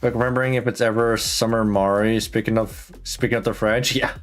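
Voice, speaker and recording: A man's voice: on the low side, fairly even intonation, brisk, faint music behind. A man streaming a game, thinking aloud in casual, slangy chat with plenty of swearing. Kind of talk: casual gameplay commentary.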